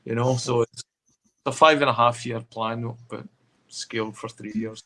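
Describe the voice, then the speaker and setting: A man, a podcast co-host, giving animated football opinions with lots of fillers in casual chat. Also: medium pitch, a little slow, a crowd in the background.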